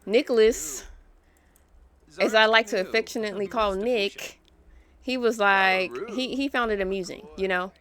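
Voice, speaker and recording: Bright-voiced woman giving casual game commentary. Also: mid-range voice, a little slow. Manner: animated, exasperated, slangy and chatty. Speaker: let's play host.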